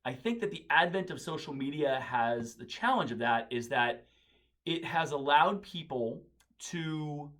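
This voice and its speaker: A man with a fairly high voice talks through an idea in a casual monologue. He hosts a daily quote video and thinks aloud as he goes, stopping to search for words and correct himself. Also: animated, measured pace, a bit bright.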